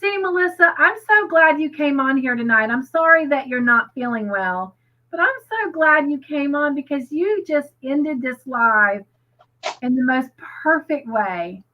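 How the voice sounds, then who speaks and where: A woman co-hosting a crochet livestream, gushing excitedly and reading viewer comments aloud. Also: sits high, measured pace, narrow, tinny audio. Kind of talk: casual live chat, reading comments.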